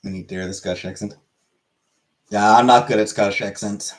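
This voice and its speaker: A man hosting a livestream, chatting casually and reading out chat messages in a laid-back, halting way that repeats itself. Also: lowish voice, steady tone. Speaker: livestream host. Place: small room lit by many studio lights.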